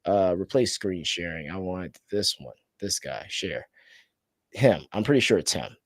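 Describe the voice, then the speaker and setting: A man's voice: low voice, animated, unhurried, no room sound, clean studio sound. A man hosting a casual podcast chat, rambling and trailing off as he searches for names. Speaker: podcast host.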